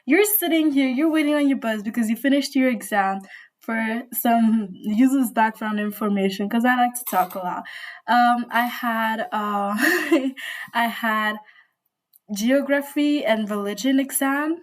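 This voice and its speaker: A woman's voice: on the high side, a little slow. Rambling, gushing young woman vlogger. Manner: rambling, gushing, full of "you know" and "like". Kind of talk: casual storytime chat. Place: indoors at home by a window.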